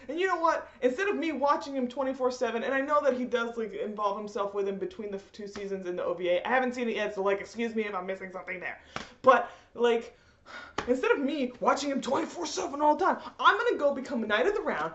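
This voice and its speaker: A young woman ranting in an exasperated, animated vlog, laughing often. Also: fairly high pitch, fairly quick, slight background noise. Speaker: vlogger. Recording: echoey room, slightly dull.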